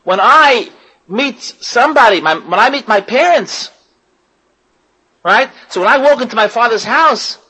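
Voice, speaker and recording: A woman's voice: a little high, animated, a little slow, bright, forceful tone, slightly rough, rough recording. A woman giving an impassioned religious lecture to women, repeating phrases and putting questions to her listeners. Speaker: religious teacher.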